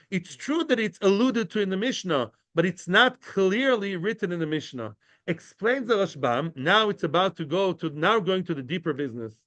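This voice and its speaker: High-voiced man teaching Talmud. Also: dry recording. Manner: animated, acts out the sages' debate; mixes in Aramaic and Hebrew terms, explains them. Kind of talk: daily Talmud lecture.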